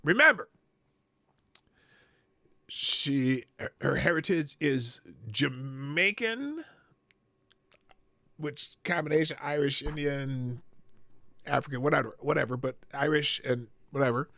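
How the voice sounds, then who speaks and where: A man's voice: mid-range voice, expressive, slow pace, creaky, long pauses, pushed and bright, no echo. A man hosting a livestream, reacting casually to clips and chat with frequent laughs. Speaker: livestream host.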